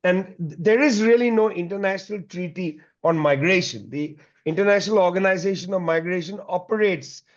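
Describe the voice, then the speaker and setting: A middle-aged man speaks at a public talk, laying out his points in a measured, explanatory way with a lot of "you know". His voice sits fairly high. The recording is dull and lo-fi. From India. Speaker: guest speaker, historian.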